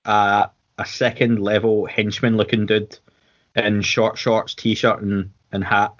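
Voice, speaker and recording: A man's voice: lowish voice, little pitch movement, slow, a bit bright, highs cut off. A Scottish man co-hosting a podcast, chatting casually and rambling with restarts and fillers. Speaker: podcast co-host. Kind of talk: casual watchalong chat.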